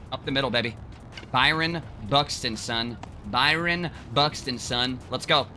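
A man giving excited, joking gameplay commentary with crude trash talk and bursts of yelling. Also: mid-range voice, unhurried, music in the background. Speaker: gaming video creator.

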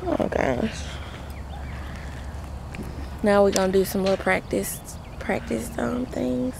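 A woman's voice: medium pitch, fairly even intonation, slow pace, vocal fry, background noise. A pregnant woman chatting playfully in a casual family vlog, filmed on a handheld camera. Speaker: vlogger.

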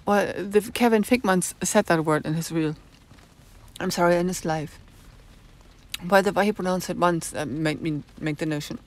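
Frau, plaudernd und grübelnd im Livestream. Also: female voice, lowish voice, normal speed. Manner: rambling and musing, searching for words. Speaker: live-stream host. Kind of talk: casual live-stream monologue answering chat.

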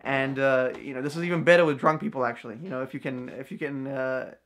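A man's voice: medium pitch, fairly even intonation, fast talker, a bit bright. A young man, a vlogger and card magician, telling a story casually to camera with lots of slang and fillers. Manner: slangy, full of fillers and "bro".

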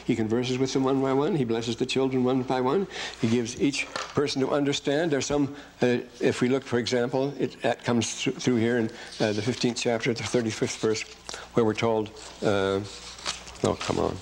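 Male lecturer, scripture class: reads verses aloud with emphasis, rambles, fumbles and corrects himself, average pitch. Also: fairly even intonation, moderate pace, slight background noise.

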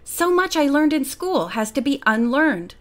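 A woman's voice: sits high, very animated, unhurried, pitched above the performer's own voice. A woman voicing a fussy, easily flustered older female housekeeper who talks in a put-upon, complaining way, in an audiobook reading. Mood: exasperated.

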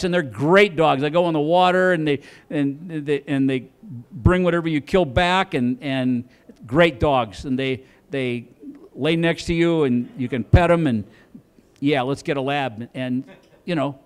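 Middle-aged male stand-up, rambling and stammering, slightly high-pitched, live club set. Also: a little slow, clean tone. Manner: rambling, stammering delivery with many restarts. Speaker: stand-up comedian. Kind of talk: stand-up storytelling. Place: comedy club stage.

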